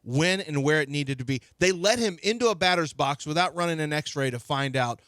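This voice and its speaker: A man's voice: on the high side, expressive, brisk, fairly bright tone, dry recording, studio quality. A man hosting sports talk radio, ranting indignantly and restarting his sentences.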